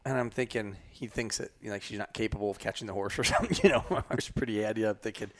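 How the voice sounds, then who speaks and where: A man's voice: fairly low pitch, fairly even intonation, rapid-fire. A man casually telling a long story on a podcast, rambling with lots of fillers and restarts. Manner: rambling, many fillers and restarts, laughs often. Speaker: hunting guide telling a story.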